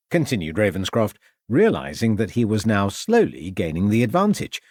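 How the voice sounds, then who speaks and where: Low-voiced man narrating an audiobook. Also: wildly swooping pitch, normal speed, few pauses, a little mellow, no room sound, clean studio sound. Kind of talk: scripted narration.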